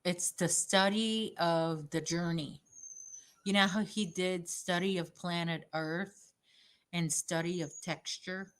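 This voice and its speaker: Brief: low-pitched woman host, unhurried, friendly crochet-stream chatter, addresses viewers by name. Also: steady tone. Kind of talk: casual chat while crocheting.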